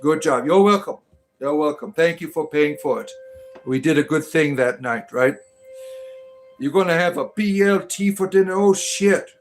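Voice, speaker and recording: A man's voice: fairly high pitch, normal speed, soft background music. A man from Detroit hosting a casual livestream, reading viewer comments aloud and answering them in a rambling, hesitant way with many fillers and restarts. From Detroit, Michigan. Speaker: livestream host reading chat.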